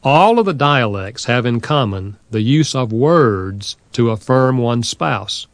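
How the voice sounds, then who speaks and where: A man narrating a nonfiction audiobook in a steady, measured reading style. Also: medium pitch, no room sound.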